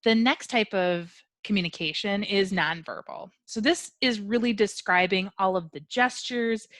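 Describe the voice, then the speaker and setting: A woman's voice: mid-range voice, measured pace, fairly bright tone, no echo, studio quality. A woman giving a training webinar on dementia communication, explaining step by step with analogies and examples. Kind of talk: webinar presentation.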